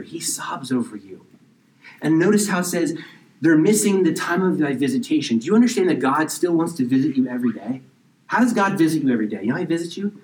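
A man preaching a sermon, reading scripture slowly and explaining it in casual asides, now and then dropping almost to a whisper. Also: mid-range voice, darkish tone, distant mic, low-quality recording. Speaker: pastor.

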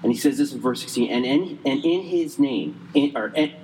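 A man preaching a sermon conversationally, quick in places and slow and emphatic in others, saying he is losing his voice. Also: medium pitch, a little mellow, in a large hall, slight background noise, poor audio. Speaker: pastor.

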